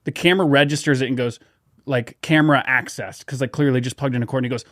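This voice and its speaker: A man co-hosting a podcast, reading ads and telling lively stories while acting out what people said. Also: medium pitch, fast talker. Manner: animated storyteller, acts out quotes. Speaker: podcast co-host. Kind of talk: casual podcast chat and ad read.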